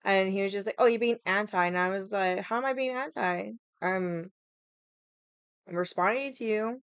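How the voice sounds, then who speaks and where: A woman's voice: medium pitch, moderate pace, clean tone, no echo. A young woman hosting a casual livestream, ranting in a sassy, profane, rambling way and greeting viewers. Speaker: livestream host.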